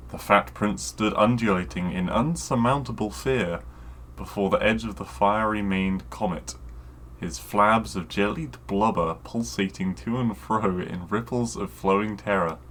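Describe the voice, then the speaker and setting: A man with a fairly low, bright and forceful voice co-hosts a casual podcast. He reads a clumsy fantasy passage aloud at a slow, careful pace, then slips back into loose banter full of swearing and laughter. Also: slight background noise. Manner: reads deliberately, swears freely, laughs often. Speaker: podcast co-host. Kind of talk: casual podcast chat and dramatic reading aloud.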